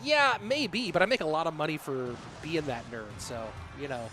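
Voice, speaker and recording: A man's voice: fairly high pitch, fairly quick, background noise. A man in his thirties casting a live online game match and chatting casually with his viewers. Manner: casual, chatty, reads donations aloud. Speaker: esports caster and streamer. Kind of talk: live esports commentary and chat.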